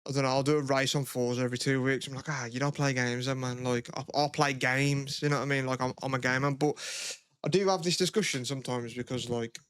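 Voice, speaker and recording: Fast-talking and a bit bright, a young podcast co-host rambles in casual chat peppered with fillers and swearing. His medium-pitched voice is clear and resonant with fairly even intonation, in clean studio sound without echo.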